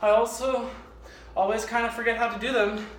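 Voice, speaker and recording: A man's voice: very high-pitched, level tone, a little fast, noisy background. A man giving a casual, rambling tap tutorial at home, self-mocking and swearing often. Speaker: tap dancer teaching. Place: home garage. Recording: echoey garage with loud tap clatter. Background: tap shoe clicks on floor.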